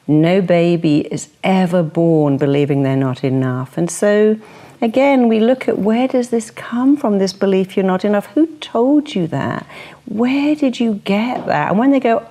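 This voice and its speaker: A woman's voice: mid-range voice, normal speed, long reverb tail. A woman therapist giving a motivational talk, acting out the voices of clients and of her own inner worries. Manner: animated, acts out quoted voices of clients. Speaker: therapist and speaker.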